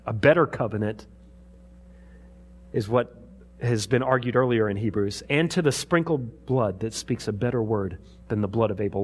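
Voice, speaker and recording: A man's voice: mid-range voice, darkish tone, breathy edge. A man preaching a sermon in a conversational way, reading scripture aloud and explaining it. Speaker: pastor.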